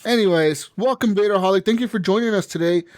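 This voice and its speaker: A man's voice: sits high, quick pace, dry recording. Laid-back male podcast host, dry sound. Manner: loose, laughing, swears casually. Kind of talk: casual gaming podcast chat.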